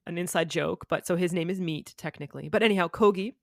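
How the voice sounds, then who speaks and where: A woman's voice: fairly low pitch, fast talker, no room sound. Chatty woman on a dry mic. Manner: chatty, with many fillers and restarts. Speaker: podcast guest, YouTuber. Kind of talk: candid conversational interview.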